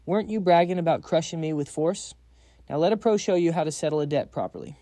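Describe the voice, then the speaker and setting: A man's voice: a little high, lively intonation, fast talker, mellow, no room sound, studio quality, close to an everyday voice. A man voicing a cocky, cheerful young male fighter who taunts his opponent. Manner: teasing, playful.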